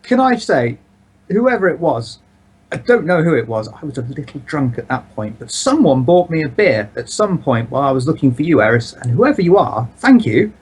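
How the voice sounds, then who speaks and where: A man's voice: on the high side, big pitch swings, moderate pace, breathy edge, rough recording. A man on a live podcast, chatting in a giggly, friendly way in casual chat.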